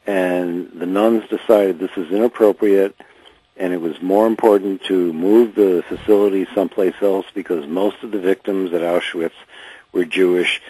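A man calling into a radio show, speaking haltingly with many hesitations. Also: sits low, husky, no room sound, rough recording. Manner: halting, many fillers, then steady argument. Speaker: radio caller. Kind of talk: earnest call-in opinion.

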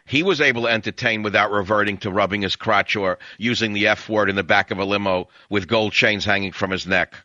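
A man's voice: fairly low pitch, fairly even intonation, fairly quick, few pauses, bright, forceful tone, no room sound. A man hosting a radio call-in show, ranting emphatically and reading aloud in a fiery manner. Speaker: radio talk show host. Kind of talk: talk radio monologue and call-in. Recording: dull lo-fi radio broadcast.

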